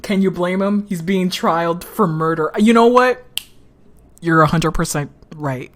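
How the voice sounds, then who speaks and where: A woman streamer giving casual commentary on a game, swearing often, laughing a lot and reacting loudly to what happens on screen. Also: on the low side, a little slow.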